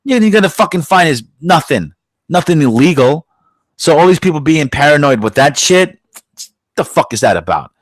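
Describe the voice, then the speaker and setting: A man's voice: a little high, sing-song, moderate pace, no room sound. Profane New man ranting. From New York. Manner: profane, blunt, heated ranting. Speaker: podcast host. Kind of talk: casual podcast rant.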